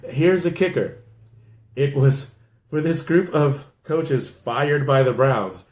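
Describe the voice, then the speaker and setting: A man's voice: medium pitch, animated, slow pace, a little mellow. A man co-hosting a casual sports talk show, joking and laughing often. His voice sits in a mid range. The sound carries the echo of a bare room. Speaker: podcast co-host.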